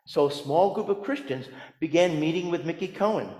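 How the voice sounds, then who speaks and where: A man, a pastor, preaching a sermon in a storytelling way, moving between hushed asides and emphatic lines. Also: a little high, fairly quick, hardly any pauses, echoey room, long reverb tail.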